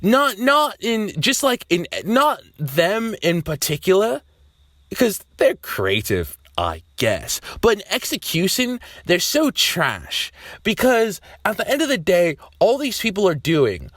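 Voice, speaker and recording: A young man talking to camera in a loose, rambling way, swearing freely and breaking into loud outbursts. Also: sits high, wildly swooping pitch, slow, no room sound, studio quality. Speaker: vlogger. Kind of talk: casual rambling monologue.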